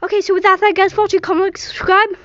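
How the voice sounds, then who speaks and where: A woman vlogging casually, giggly and excitable, laughing often as she talks. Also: very high voice, very fast, no echo, muffled recording. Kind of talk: casual face-filter vlog. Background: background music.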